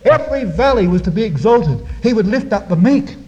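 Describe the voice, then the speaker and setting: High-voiced preacher in a big echoing hall. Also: male voice, animated, a little fast, hardly any pauses. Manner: earnest, repeatedly addresses brethren and sisters; swings between quiet reflection and loud emphasis. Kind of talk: sermon with Bible exposition. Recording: dull, lo-fi recording in a reverberant hall.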